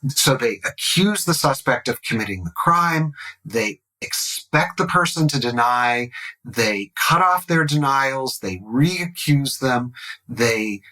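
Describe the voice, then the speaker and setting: A man's voice: medium pitch, expressive, slow pace, bright, forceful tone, rough recording. A male professor interviewed as an expert, explaining in a concise, structured way.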